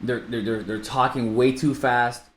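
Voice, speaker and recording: A man co-hosting a casual podcast as a real estate coach, talking quickly and restarting his sentences. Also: medium pitch. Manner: animated, fast-talking, self-interrupting. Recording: echoey room.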